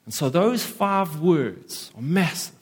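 A man's voice: a little high, expressive, slow pace, breathy edge. A man preaching a sermon as pastor, emphatic and acting out the voices of worried listeners.

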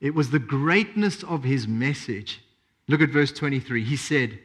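A man's voice: medium pitch, a little slow. A man preaching a sermon, emphatic, repeating key phrases and asking rhetorical questions.

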